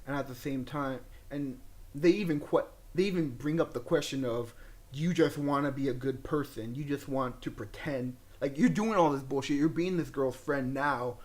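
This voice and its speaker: A young man in casual podcast talk, excitedly and profanely retelling movie scenes and acting out the characters' lines. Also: mid-range voice, normal speed. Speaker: podcast co-host. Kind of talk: casual movie review chat.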